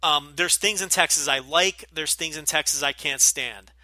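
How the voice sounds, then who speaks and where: Jersey guy doing podcast q&a, blunt and sweary, really sharp bright voice, dead dry sound. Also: a little high, moderate pace, no room sound. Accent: New Jersey. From Northeastern US, New Jersey. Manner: blunt, profane, opinionated. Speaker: podcast host. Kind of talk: casual Q&A podcast.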